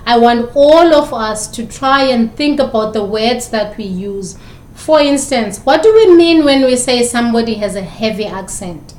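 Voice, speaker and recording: A woman's voice: fairly high pitch, expressive, normal speed, a little mellow, echoey room. A woman from South Africa with a South African accent, a communication instructor giving recorded lecture commentary full of probing rhetorical questions.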